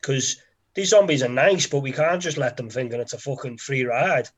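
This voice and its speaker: A man's voice: mid-range voice, normal speed. A young man, making wry, sweary remarks in a casual podcast chat. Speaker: podcast co-host.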